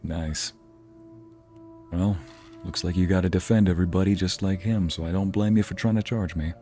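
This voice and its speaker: A man's voice: low-pitched, fairly even intonation, moderate pace, mellow, faint music behind. A young man hosting a let's play, chatting and joking casually with his viewers as he plays. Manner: joking, chatty, talks to chat. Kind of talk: casual gameplay commentary.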